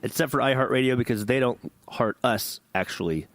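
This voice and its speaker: A man's voice: mid-range voice, a little fast, a bit bright, no echo. A man hosting a gaming podcast in casual chat, joking, rambling and swearing. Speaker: podcast host.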